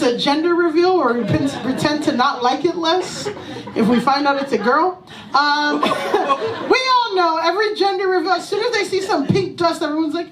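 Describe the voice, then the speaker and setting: A woman performing a profane, animated stand-up comedy set on a small club stage. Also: high voice. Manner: profane, animated, breaks into laughter. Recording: echoey room, mic from a distance.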